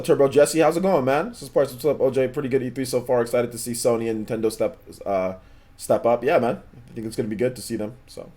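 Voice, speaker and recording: A man's voice: medium pitch, warm tone. A man hosting a gaming livestream in casual chat, laid-back and slangy, often repeating himself while answering viewers. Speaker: livestream host.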